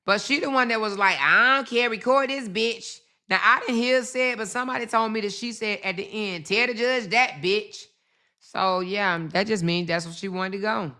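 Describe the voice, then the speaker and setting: A woman's voice: medium pitch, pushed and bright. A woman hosting her channel, giving blunt, profane casual commentary to her viewers, repeating herself and turning aside to talk to them. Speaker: channel host.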